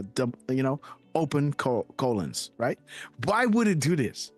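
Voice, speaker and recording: A man hosting a live online show in a casual, excitable way, often laughing and checking in with his listeners. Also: on the high side, normal speed, soft background music. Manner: excitable, repeats "guys" and "right?", laughs often. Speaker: livestream host.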